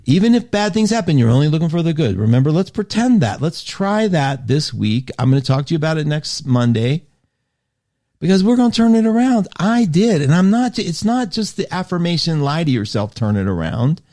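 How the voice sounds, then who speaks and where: A man hosts a live call-in style astrology hour, talking straight to his listeners. His delivery is chatty and animated, full of restarts and asides. His voice has a mellow, warm tone. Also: a little high, a little fast. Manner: chatty, animated, self-interrupting; reads listener comments aloud. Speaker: host. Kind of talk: live radio show monologue.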